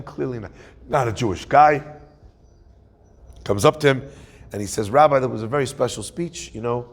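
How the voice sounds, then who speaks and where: A man's voice: mid-range voice, husky. A man, a rabbi, telling a story in a sermon and acting out the voices of the people in it. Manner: animated storyteller, acts out quoted voices. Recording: long hall reverb.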